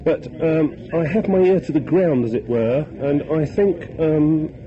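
A man's voice: on the high side, measured pace. A man from North London, a guest on a live radio interview, talking hesitantly and earnestly with many ums while he has a bad cold. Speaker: radio phone-in guest, poet and author. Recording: dull old radio broadcast with noise.

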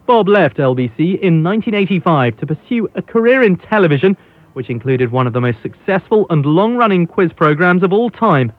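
A male radio reporter introducing a news feature in a measured newsreader delivery. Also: fairly high pitch. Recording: thin phone-like radio audio.

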